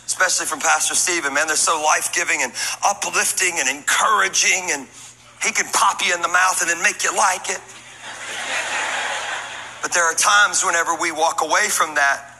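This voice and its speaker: High-voiced man preaching in an echoey hall. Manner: humorous, energetic storytelling, sometimes shouting. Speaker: pastor. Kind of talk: sermon.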